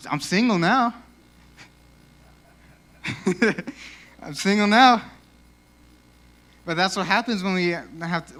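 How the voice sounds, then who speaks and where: A young man giving a casual, animated youth sermon in a church, peppered with "like," and a little out of breath. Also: on the high side. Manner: casual, animated, lots of 'like'. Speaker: youth speaker.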